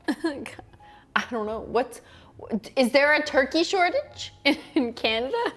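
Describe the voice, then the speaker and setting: A woman's voice: on the high side, animated, slow pace, a bit bright. A woman hosting a casual cooking livestream, chatty and giggly, swearing offhandedly as she chops vegetables. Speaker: livestream host.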